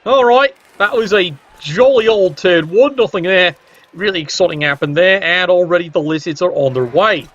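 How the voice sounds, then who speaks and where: A man's voice: high voice, moderate pace, fairly bright tone, no echo, dull audio. A man giving casual, chatty commentary on a tabletop-style video game, joking with viewers in the chat.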